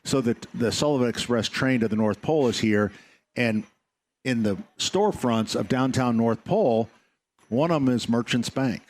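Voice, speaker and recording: Rambling male radio co-host, halting speech. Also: medium pitch, darkish tone. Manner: rambling, halting with many fillers. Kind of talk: casual on-air radio chat.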